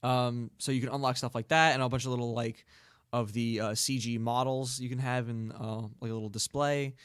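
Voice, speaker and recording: A man's voice: medium pitch, fairly even intonation, a little fast, a bit bright, clear, resonant tone, no room sound, studio quality. A man co-hosting an internet radio show, chatting casually about video games with lots of fillers and laughter. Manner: rambling, laughs often, many fillers. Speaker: co-host.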